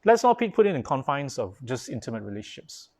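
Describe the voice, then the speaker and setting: A man's voice: medium pitch, sing-song, quick pace, darkish tone. A man, a Buddhist pastor giving a live-streamed dharma talk in a chatty, informal way, with many fillers and restarts, now and then answering viewer comments. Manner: replies to viewer comments as he goes.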